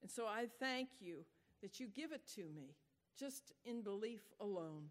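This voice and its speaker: A woman preaching a sermon, praying and telling a story in a gentle, prayerful way. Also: medium pitch, animated, moderate pace. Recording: echoey hall.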